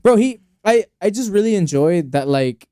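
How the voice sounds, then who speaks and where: A man's voice: high voice, lively intonation, moderate pace, warm tone, no echo, studio quality. A man co-hosting a casual podcast, laid-back and slangy, swearing as he talks about anime. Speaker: podcast co-host.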